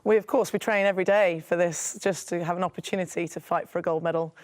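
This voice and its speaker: A woman's voice: fairly low pitch, fairly even intonation, a little mellow. A woman, an Olympic hockey player, answering earnestly in a live TV studio interview with small restarts. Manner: earnest, quick, slightly halting. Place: TV news studio.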